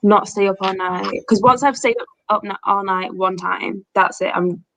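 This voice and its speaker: A woman's voice: mid-range voice, moderate pace, fairly bright tone, slight background noise, poor audio. Chatty young woman hosting a livestream. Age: 20s. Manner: chatty, reads chat comments aloud. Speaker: host. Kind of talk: casual livestream chat.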